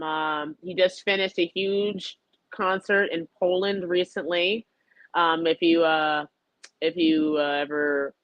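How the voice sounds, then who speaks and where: A woman's voice: deep voice, no room sound, muffled recording. A woman from New York, a chef and comedian, chatting casually as a talk show guest, rambling and self-deprecating with frequent giggles. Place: home, video call.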